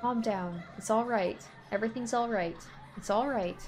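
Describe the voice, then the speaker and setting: A woman reading a calm, gentle young woman. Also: fairly high pitch, normal speed, soft background music, lightly acted. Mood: soothing. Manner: soft, steady, reassuring.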